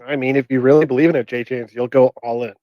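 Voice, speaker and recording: Man, mid-pitched voice, muffled dry audio, relaxed filler-heavy chat. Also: fast talker, no echo. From Canada. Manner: laid-back, filler-heavy talk. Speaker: podcast co-host. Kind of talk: casual podcast chat.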